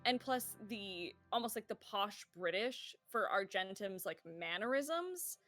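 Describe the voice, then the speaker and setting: Chatty woman with a bright voice. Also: medium pitch. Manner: chatty, laughing, many fillers. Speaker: player of a tabletop game. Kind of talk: casual chat about character voices.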